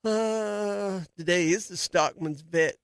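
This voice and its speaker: A man's voice: high voice, slow, vocal fry, clean tone, dry recording. A man hosting a daily farm radio show, talking casually in a folksy, rambling way with many fillers and restarts. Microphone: studio microphone.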